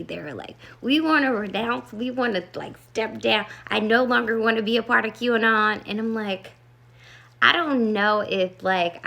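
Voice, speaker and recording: A woman's voice: medium pitch, creaky, sharp tone. A woman vlogger telling a rambling, earnest story about meditation and love, full of "like" and asides. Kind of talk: casual storytelling to camera.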